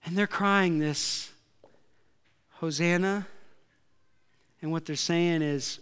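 Male pastor, slightly higher voice, deliberate and smooth, animated sermon delivery in a church with long reverb. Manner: animated storytelling, acting out quotes, shouting at peaks.

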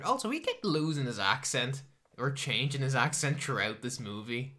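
Bright-voiced Irish podcaster, sweary and mocking. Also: medium pitch, very animated, normal speed. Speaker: podcast co-host. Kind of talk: casual chat reviewing a film.

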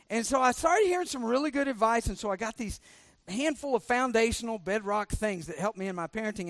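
A man's voice: very high-pitched, fairly bright tone, no echo. A middle-aged man, a pastor preaching a sermon, joking and sarcastic while he quizzes the congregation with questions.

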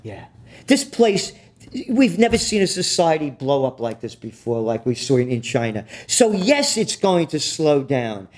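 Ranting, sarcastic man with a lively voice. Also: fairly high pitch, unhurried. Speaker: co-host. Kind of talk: political talk show commentary.

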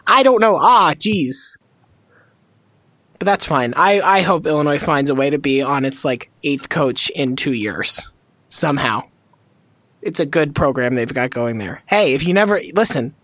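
A woman's voice: deep voice, no room sound. A woman co-hosting a casual sports podcast, talking with dry sarcasm. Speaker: podcast co-host.

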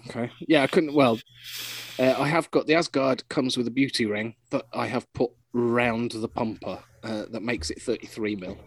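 A man's voice: moderate pace, dry recording, poor audio. A man co-hosting a casual podcast, talking in a rambling, chatty way with frequent restarts. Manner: rambling, chatty, lively pitch, laughs often. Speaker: podcast host. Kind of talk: casual chat.

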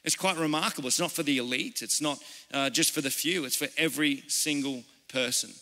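Earnest Australian pastor in a reverberant hall. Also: male voice, fairly high pitch, a little fast, bright, forceful tone. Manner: earnest, conversational, personal storytelling. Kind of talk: informal sermon. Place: church service.

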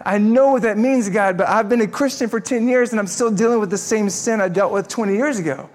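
Male pastor, higher voice, lively humorous storyteller in a sermon. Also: a little fast, hardly any pauses. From Texas.

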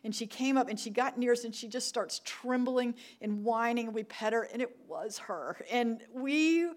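A woman's voice: fairly high pitch, fairly quick, hardly any pauses. A middle-aged woman, giving a sermon as a church ministry director, telling stories and repeating her key points for emphasis. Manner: warm storytelling with emphatic repetition.

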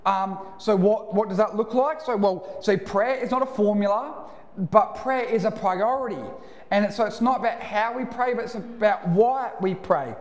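Australian pastor in an echoey church. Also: male voice, sits high. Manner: casual and storytelling. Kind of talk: sermon. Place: church hall. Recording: echoey church hall, live.

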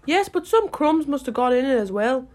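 A woman's voice: high voice, big pitch swings, a little slow, pitched above the performer's own voice. A woman voicing a blunt, contrary male hatter in a storybook reading.

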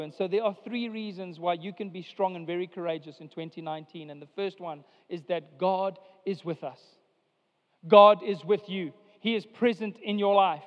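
A male pastor delivering a sermon to his church, preaching with emphatic rises and slow, drawn-out lines. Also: high-pitched. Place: church sanctuary. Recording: dull sound with long hall reverb.

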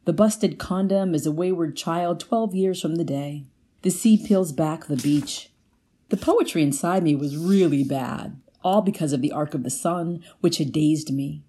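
Female reader for literary prose; low, mellow voice, measured delivery. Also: breathy edge. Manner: measured, lifts pitch for quoted lines. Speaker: guest reader. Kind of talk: literary reading aloud.

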